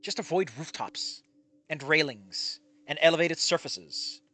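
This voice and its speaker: A man's voice: a little high, expressive, unhurried, sharp tone, no room sound. A man with a nasal voice on a headset mic, reading a fanfic aloud and breaking off to rant about it, rambling, profane and opinionated. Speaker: fanfic reader and commentator.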